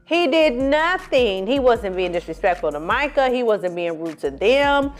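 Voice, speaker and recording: A woman's voice: a little high, a little slow, soft background music. A woman doing a casual recap of a reality show, sassy and profane, telling it with lots of attitude. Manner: sassy, profane, animated storytelling. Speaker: film and TV reviewer.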